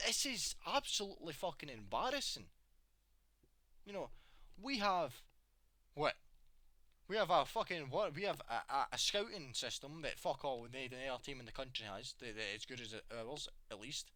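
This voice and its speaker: Guy ranting about football, swearing a lot, bright edgy voice, dry close sound. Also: medium pitch, lively intonation, normal speed, no echo. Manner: sweary, exasperated, rhetorical questions. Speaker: football fan vlogger. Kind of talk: angry opinion rant.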